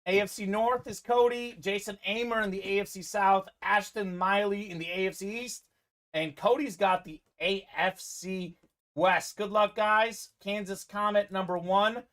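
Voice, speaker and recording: A man's voice: sits high, fairly even intonation, normal speed, fairly bright tone. A man hosting a live-streamed sports card break, giving upbeat running commentary on teams and players.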